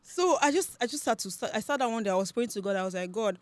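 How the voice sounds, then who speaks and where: A young woman with a Nigerian accent, a podcast guest telling her story in a lively, chatty way. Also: on the high side, no room sound. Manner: chatty, animated storytelling with quick laughs. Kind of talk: casual interview chat.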